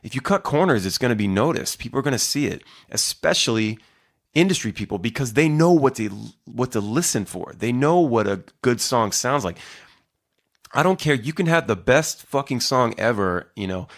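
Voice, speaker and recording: A man's voice: mid-range voice, lively intonation, normal speed. A middle-aged man hosting his own podcast, talking casually, rambling and profane, with lots of fillers and restarts. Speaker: musician podcast host. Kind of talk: casual solo podcast monologue.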